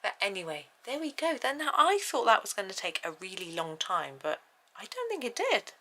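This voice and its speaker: An Englishwoman chats casually and thinks out loud while she colours, drifting into rambling asides. Her medium-pitched voice swings widely in pitch at a normal pace, bright and forceful, though the audio quality is poor.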